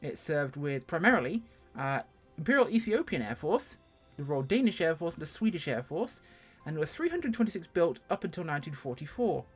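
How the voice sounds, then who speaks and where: A speaker with an English accent doing a casual first-look review of a flight sim plane, chatty and self-deprecating, with sudden jumps in pitch. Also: big pitch swings, a little fast, breathy edge, faint music behind. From England.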